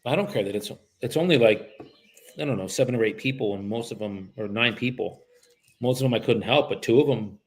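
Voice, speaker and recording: Speaking briskly in a medium-pitched voice, a U.S. real estate agent makes cold calls on a livestream. Between calls he chats casually with running commentary, swearing and cracking jokes.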